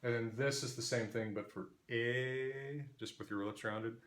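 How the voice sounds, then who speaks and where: A man's voice: lowish voice, level tone, fairly quick, a bit bright. A man with an Interior West American accent teaching linguistics, explaining patiently and demonstrating vowel sounds aloud. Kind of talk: explanatory lecture.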